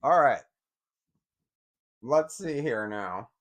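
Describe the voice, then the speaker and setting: A vlogger fumbles with zooming a picture on his computer, rambling, swearing often, and muttering in frustration as he thinks aloud to viewers in casual screen-share commentary. His medium-pitched voice is animated but very slow. The sound is lo-fi.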